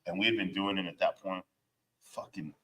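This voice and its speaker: Low-voiced man telling profane band stories. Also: steady tone, fairly quick, bright, forceful tone, breathy edge, rough recording. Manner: loose and profane, heavy swearing and fillers. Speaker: band member, interview guest. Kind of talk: casual storytelling chat.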